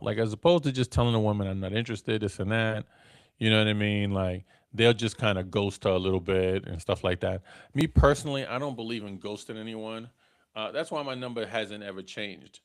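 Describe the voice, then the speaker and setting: A middle-aged man, hosting a live dating podcast in a casual storytelling way and tagging his lines with "right?". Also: fairly low pitch. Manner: conversational, tags lines with "right?", chuckles at own stories. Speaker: podcast host.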